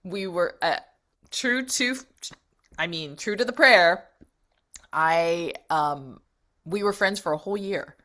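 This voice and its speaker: Middle-aged woman guest, animated storyteller, bright and sharp voice, laughs often. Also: on the low side, slow, pauses often. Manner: lively, laughs often, acts out her own thoughts. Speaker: interview guest, TV writer.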